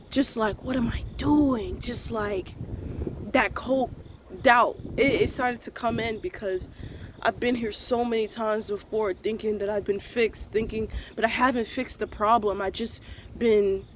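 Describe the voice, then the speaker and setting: Woman ranting slowly in slangy talk. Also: medium pitch, slight background noise. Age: 20s. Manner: slangy, profane, frank, thinking out loud. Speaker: vlogger. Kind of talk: casual morning rant to camera.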